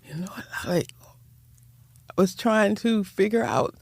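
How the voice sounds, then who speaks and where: Older woman, gravelly voice, heartfelt and rambling, close dry mic. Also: mid-range voice, lively intonation, measured pace, no room sound. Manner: rambling, heartfelt, repeats words. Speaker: guest, nonprofit founder. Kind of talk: personal storytelling in interview.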